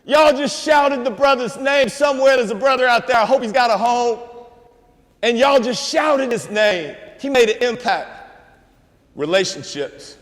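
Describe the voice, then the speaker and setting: A man's voice: extremely high pitch, a little slow. A man, giving a streetwise, preachy motivational talk to students and calling out to the crowd. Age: 50s. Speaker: motivational speaker. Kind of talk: inspirational school assembly talk. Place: school auditorium. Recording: long hall reverb in a large auditorium.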